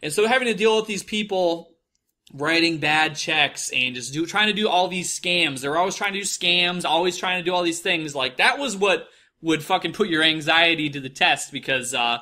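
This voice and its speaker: A man's voice: fairly high pitch, normal speed, sharp tone. A young man with a Midwestern American accent telling stories in a casual, profane, rambling monologue, often mocking people in put-on voices. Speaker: podcast host.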